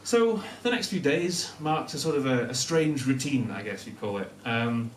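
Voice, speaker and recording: A young man from Newcastle with a softened Northern English accent, telling a self-deprecating personal story to a live audience, often laughing as he talks. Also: medium pitch, animated, moderate pace, a little hiss or hum. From Newcastle, North of England. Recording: echoey room, mic at a distance.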